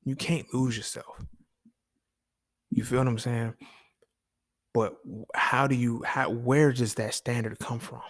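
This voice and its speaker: A man's voice: mid-range voice, little pitch movement, unhurried, long pauses, dry recording, studio quality. A man hosting a solo talk show, speaking in a blunt, profane, casual monologue and often checking in with "you feel me". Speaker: podcast host.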